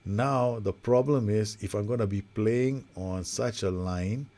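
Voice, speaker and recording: Brief: male gaming host, lowish voice, chatty and self-deprecating, calls every pass in a sim match. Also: a little slow, mellow. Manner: rambling, self-mocking, narrates passes play by play. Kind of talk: casual live commentary over a football management game.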